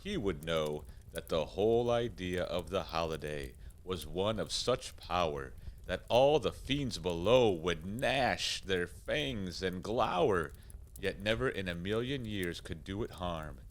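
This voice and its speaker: A man voicing a calm, wise Santa Claus in a rhyming radio play, gently lecturing. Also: low-pitched.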